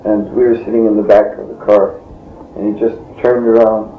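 During an interview, a man with a lowish, brisk voice and little pitch movement tells a long, rambling story, often breaking off to chuckle. The lo-fi tape sounds dull and roomy, with faint hiss.

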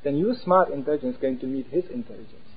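A man giving an animated talk as a preacher, acting out voices as he explains. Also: mid-range voice, quick pace, breathy edge. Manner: animated, acts out inner voices. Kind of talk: sermon-style talk. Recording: tinny phone-like sound.

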